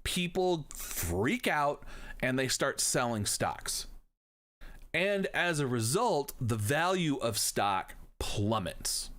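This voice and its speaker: A man's voice: mid-range voice, big pitch swings, slow pace, a bit bright. A man teaching history on a live stream, talking in a casual, jokey way and swearing now and then. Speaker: history professor.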